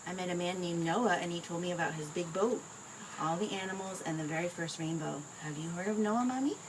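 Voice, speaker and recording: A woman reading a picture book aloud to her child in a gentle, expressive way. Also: fairly low pitch, brisk. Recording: home recording with clear background noise.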